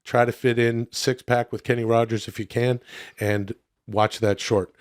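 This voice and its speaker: A man's voice: medium pitch, level tone, moderate pace. A man co-hosting a comedy podcast, chatting casually with rambling restarts and enthusiastic recommendations. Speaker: podcast co-host.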